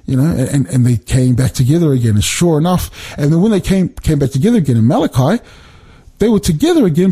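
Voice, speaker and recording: A man explaining Bible passages in a relaxed conversation, animated and emphatic, often repeating words as he builds his point. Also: fairly high pitch, slightly rough. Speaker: Bible teacher.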